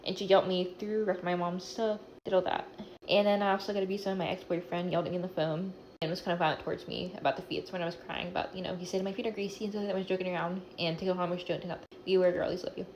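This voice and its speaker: A woman's voice: on the low side, flat delivery, racing, a little mellow, slight background noise. A young woman talking to her phone camera at home while doing her makeup, rambling and scattered as she pours out a personal confession. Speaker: vlogger. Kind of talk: emotional get-ready-with-me confessional.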